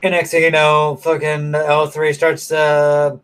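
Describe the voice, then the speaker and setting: A man's voice: fairly high pitch, monotone, slow, fairly bright tone, clear, resonant tone. A man casually recapping a movie in a rambling, profane way, full of fillers and restarts. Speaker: movie reviewer.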